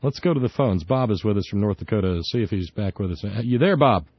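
A man's voice: lowish voice, lively intonation, fast, breathy edge, dry recording. A man hosting a call-in radio show, rambling and opinionated with many restarts. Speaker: radio talk show host. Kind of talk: casual call-in radio talk. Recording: dry, slightly dull studio radio.

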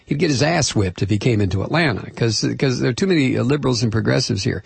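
A middle-aged man ranting on talk radio, combative and sarcastic. His slightly husky voice swings widely in pitch as he builds his anger. It is a dry, close studio sound. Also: lively intonation, fast, no echo. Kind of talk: political talk radio monologue. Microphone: close studio microphone.

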